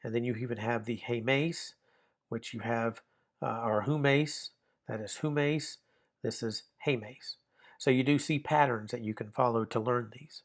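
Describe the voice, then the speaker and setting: A man's voice: mid-range voice, unhurried. A man gives a recorded online grammar lesson in a mid-range voice. He explains patiently and step by step, often restating a point before moving on. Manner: explanatory, repeats and rephrases himself with fillers. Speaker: Greek grammar teacher.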